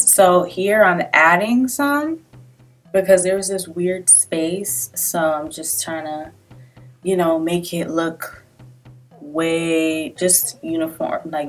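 A woman's voice: low voice, recorded from a distance. A woman doing a casual makeup tutorial, rambling and slangy and often apologizing, talking from a desk in a small room. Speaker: beauty vlogger.

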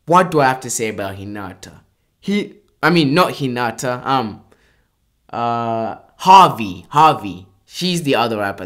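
Young adult vlogger, enthusiastic casual commentary, animated delivery, unhurried pace, keeps circling back to exclamations. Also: medium pitch. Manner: excitable, repeats exclamations and phrases.

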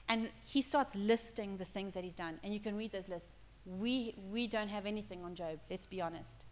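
A woman's voice: medium pitch, moderate pace, in a large hall. A woman preaching a sermon in church, talking conversationally and building to emphatic points. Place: church hall.

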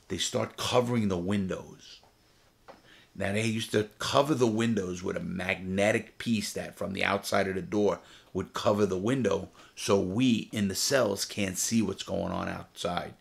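Gravelly-voiced man telling blunt stories. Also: low-pitched. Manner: blunt and profane, vivid retelling. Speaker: former prisoner telling his story. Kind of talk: first-person storytelling.

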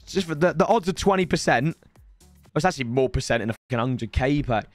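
A young man, streaming a pack opening, slightly hoarse. He talks in an excitable way, swinging between shouting and grumbling. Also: medium pitch, fast talker, no echo, faint music behind.

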